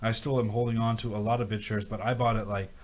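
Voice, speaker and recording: A man's voice: fairly low pitch, quick pace, a little hiss or hum. A man hosting a casual crypto livestream, reading viewer questions aloud and ranting, often repeating himself. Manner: rambling, animated rants with repeated phrases.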